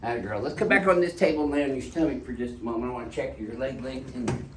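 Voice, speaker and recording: Man, chiropractor, reassuring banter, mid pitch, echoey room, off-mic with background noise. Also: fast, distant mic. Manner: joking, reassuring, giving instructions. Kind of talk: casual chat while treating a patient. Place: treatment room in a clinic.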